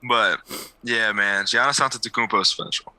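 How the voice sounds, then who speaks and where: A young man with a very bright, forceful voice, chatting about sports on a podcast. He tells stories with animation and shoots his pitch up for the punchlines. The sound is very dry and close to the mic. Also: fairly even intonation, normal speed, no room sound, low-quality recording. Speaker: podcast co-host and basketball coach. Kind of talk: casual sports chat.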